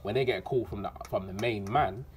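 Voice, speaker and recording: A man's voice: fairly low pitch, fairly quick, slight background noise. A man, co-hosting a casual podcast chat, joking and acting out the voices of the people he quotes. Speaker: podcast co-host.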